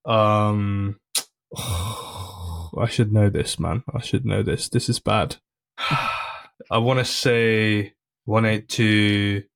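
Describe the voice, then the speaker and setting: A man's voice: lowish voice, fairly even intonation, extremely slow, gravelly. Laid-back guy with easy laughs. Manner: laid-back, laughs easily, says "man" and "bro". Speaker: comedian guest. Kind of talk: casual podcast chat.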